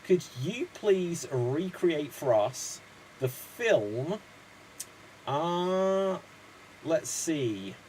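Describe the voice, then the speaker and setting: A man's voice: a little high, very animated, drawn-out words, darkish tone, slight background noise, poor audio. A man hosting an online improv comedy show, chatty and rambling.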